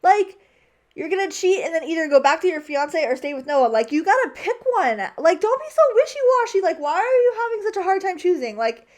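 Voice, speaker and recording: A woman's voice: very high voice, big pitch swings, brisk, few pauses. A young woman recapping a movie in a casual, chatty way, opinionated and full of "like". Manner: chatty, heavy use of "like", opinionated. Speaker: vlogger.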